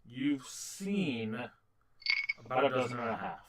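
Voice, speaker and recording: A man running a tabletop game as dungeon master, narrating haltingly with many fillers and restarts. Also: medium pitch, lively intonation, rough recording.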